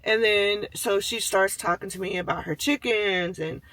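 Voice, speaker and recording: A man's voice: high voice, fairly even intonation, moderate pace, sharp tone. A man telling a personal story in a casual, chatty way, full of "like" and "you know", and acting out the voices of people and animals as he goes.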